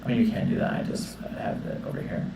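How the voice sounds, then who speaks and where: A man hosting a casual livestream, talking a guest through a setup in quick, instructing bursts. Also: background noise. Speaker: livestream host. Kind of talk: casual behind-the-scenes setup chat. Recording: roomy distant mic with faint ambience.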